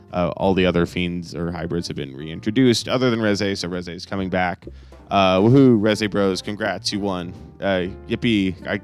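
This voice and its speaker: A young man hosting a casual comic review podcast, rambling along with sarcastic asides. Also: deep voice. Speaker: host.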